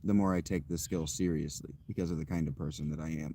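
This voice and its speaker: Low-voiced man chatting candidly. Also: steady tone, quick pace, warm tone, husky. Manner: candid, rambling and self-deprecating. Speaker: streamer. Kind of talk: casual chat to a live audience.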